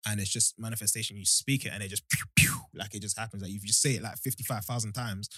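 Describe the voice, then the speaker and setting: A man's voice: on the low side, steady tone, fast, a bit bright, no room sound, studio quality. A young man chatting casually on a podcast, rambling with lots of fillers. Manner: laid-back, rambling with many fillers. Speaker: podcast co-host. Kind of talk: casual chat.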